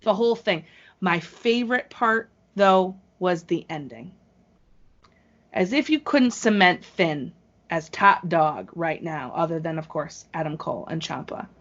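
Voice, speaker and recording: A woman's voice: on the low side, a little slow. A woman hosting a podcast, chatting casually and gushing with enthusiasm. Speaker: podcast host. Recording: muffled lo-fi podcast audio.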